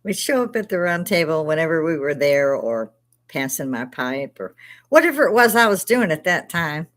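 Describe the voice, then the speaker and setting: A woman's voice: sits low, sing-song, moderate pace. An older woman hosting a casual live stream chat, rambling and outspoken, swearing freely as she talks.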